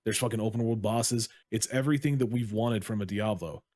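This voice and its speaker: A man's voice: on the low side, brisk, a little mellow, no room sound, clean studio sound. A man co-hosting a gaming podcast, rambling through casual chat with many restarts and casual swearing. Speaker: podcast co-host.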